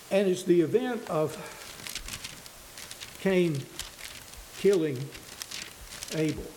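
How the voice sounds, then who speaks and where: A man preaching a sermon in an earnest, halting way, often restarting his words, in a church hall. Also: high voice, a little mellow. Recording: echoey room with faint hiss.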